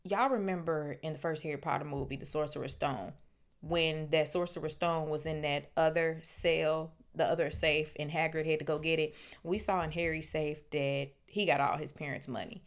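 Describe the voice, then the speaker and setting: Woman host, low deep voice, reads a book aloud, drops into loose slangy asides, easygoing podcast reading. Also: steady tone, normal speed. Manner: breaks off for slangy asides and laughs. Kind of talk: reading aloud with casual commentary.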